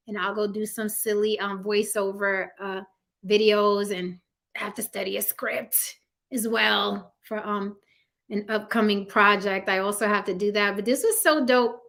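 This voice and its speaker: A woman's voice: medium pitch, fairly bright tone. A young woman hosting a livestream, chatting casually, laughing and reading out comments from her viewers, teasing them in slang. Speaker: livestream host. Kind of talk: casual livestream sign-off, talking to chat.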